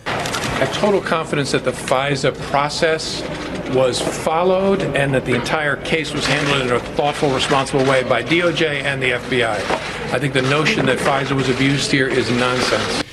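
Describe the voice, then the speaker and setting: A man's voice: medium pitch, moderate pace. A man making a firm, assured formal public statement in a clip played on a show. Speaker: official in news clip. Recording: noisy archive clip.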